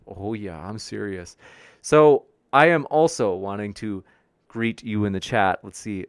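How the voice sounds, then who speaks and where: A man's voice: lowish voice, a little slow, clear, resonant tone, dry recording, clean studio sound. A man hosting a debate livestream, reading and answering viewer chat in a friendly, upbeat way and stumbling over viewer names. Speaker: debate show host reading live chat.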